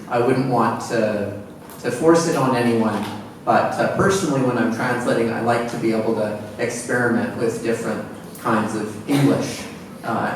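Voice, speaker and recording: A man from Edmonton, a translator and professor, answers a question at a seminar panel in a reflective way, often repeating words as he searches for phrasing. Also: mid-range voice. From Edmonton, Canada. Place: lecture hall at a seminar. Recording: echoey hall, distant mic, faint noise.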